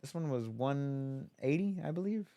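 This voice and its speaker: A man's voice: mid-range voice, lively intonation, moderate pace, mellow, no room sound. A man co-hosting a podcast, rambling casually with lots of fillers. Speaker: podcast co-host. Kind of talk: casual chat.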